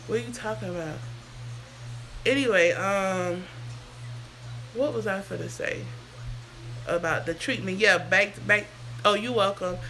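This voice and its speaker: A chatty woman talks casually on a home livestream, sounding sick and a bit hoarse. Her voice is bright and clear. A faint hiss sits under the recording. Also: mid-range voice, a little slow, long pauses. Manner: chatty, sidetracked, answers comments aloud. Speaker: hair vlogger on a livestream. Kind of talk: casual livestream chat reading viewer comments.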